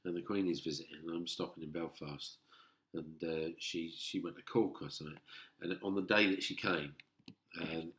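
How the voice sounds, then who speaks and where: A middle-aged comedian chatting casually, telling animated stories and acting out the people in them. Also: male voice, low voice, normal speed. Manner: animated storyteller, acts out voices. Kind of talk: casual chat. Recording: roomy echo.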